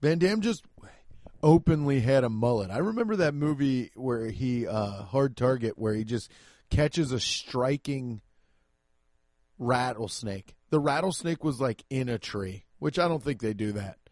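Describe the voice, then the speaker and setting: Animated profane young man ranting. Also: medium pitch, unhurried, no room sound, studio quality. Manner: animated, profane, exaggerated storytelling. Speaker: comedian. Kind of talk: stand-up style comic rant.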